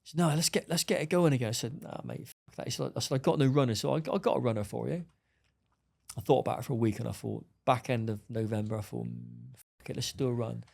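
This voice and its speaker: A middle-aged man tells his story at a rapid clip. His voice has a gravelly edge, and he speaks bluntly with plenty of swearing. He acts out the back-and-forth of conversations as he goes. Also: mid-range voice, a little mellow. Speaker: podcast guest. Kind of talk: storytelling interview.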